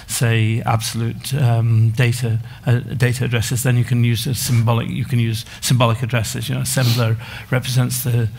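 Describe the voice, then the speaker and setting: A man's voice: medium pitch, a little mellow. A man giving a conference talk as a book author, explaining with many restarts and fillers.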